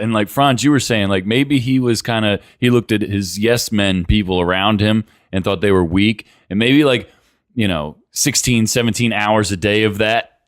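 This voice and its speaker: A male co-host in a casual discussion, talking haltingly with lots of filler and restarts. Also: on the low side, no echo, clean studio sound.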